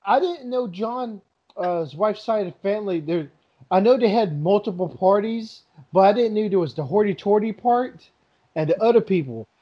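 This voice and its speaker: High, lively, husky man chatting. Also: normal speed. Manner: swears a lot, mimics people in quoted voices. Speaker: friend in a casual chat. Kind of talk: casual profane chat. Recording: dull lo-fi sound.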